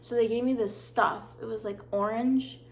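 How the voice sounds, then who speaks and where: A young woman in her twenties tells stories from her life to the camera in a loose, chatty way. She fills her sentences with fillers and plays up the drama. Her voice sits a little high. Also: steady tone, normal speed, a little hiss or hum. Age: 20s. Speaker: vlogger. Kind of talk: casual storytelling.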